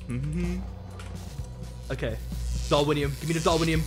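A young man with an English accent, commentating on a game live and talking to his chat. His voice sits high and swings widely in pitch, jumping up into yelps when things go wrong. Game music plays clearly behind him. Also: moderate pace. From England. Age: young adult. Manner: excitable, swears, shouts and laughs at the game, chats to viewers. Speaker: streamer.

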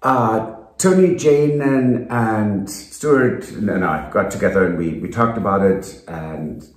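A man's voice: fairly low pitch, takes it slowly. A man co-hosting a casual home vlog, talking bluntly about life at his chateau. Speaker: co-host, chateau owner. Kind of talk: casual chat. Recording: roomy echo.

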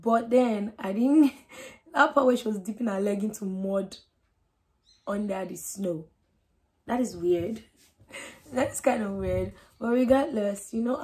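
A woman hosting a reaction video, chatting casually and getting emotional, with soft laughs between her remarks. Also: medium pitch, measured pace. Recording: faint background noise.

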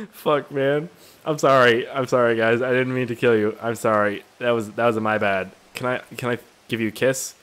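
A man's voice: mid-range voice, normal speed, fairly bright tone. A young man giving casual, profane commentary while playing a game. He rambles from topic to topic, sounds tired and is easily amused. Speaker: gaming video creator.

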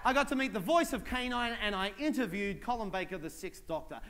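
A man performing a stand-up comedy routine at a convention, animated and acting out little voices. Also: high-pitched, fairly quick, noisy background. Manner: animated, acts out voices and shouts for effect. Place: convention stage.

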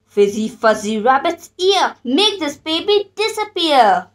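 A woman's voice: high-pitched, very animated, a little slow, pitched above the performer's own voice. A woman voicing a cheeky, jealous little girl witch in a children's storybook, in a sulky, cheeky manner.

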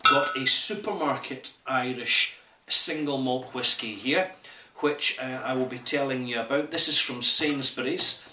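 Bright-voiced Scottish whisky reviewer. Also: male voice, mid-range voice, unhurried, slight background noise. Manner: chatty, rambling with asides. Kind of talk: casual video review. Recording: echoey room.

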